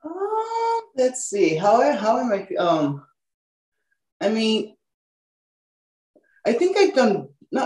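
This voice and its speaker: A woman from Hawaii with a Hawaiian Pidgin accent, talking casually as a guest in an interview. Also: medium pitch. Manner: relaxed, repeats "you know what I mean". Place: now living in Texas. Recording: roomy, distant from the mic.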